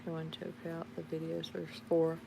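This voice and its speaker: A woman with a Southern drawl, soft-spoken and chuckling as she chats casually with viewers of her livestream from home. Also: deep voice, monotone, moderate pace, creaky, background noise. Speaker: livestream host. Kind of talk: casual live chat. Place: home with pet dogs.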